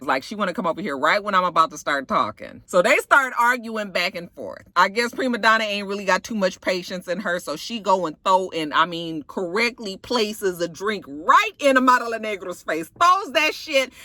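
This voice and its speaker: Woman, casual show recap, blunt and profane, lively pitch, bright voice, dry close sound. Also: dry recording. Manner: animated, blunt, profane, laughs often. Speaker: YouTuber recapping a reality show.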